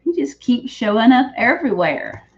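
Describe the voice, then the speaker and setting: A woman's voice: on the high side, very animated, normal speed, a little hiss or hum. A woman doing a live tarot reading, chatty and rambling, often correcting herself, in the back room of a shop. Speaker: psychic reader. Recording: dull lo-fi stream audio.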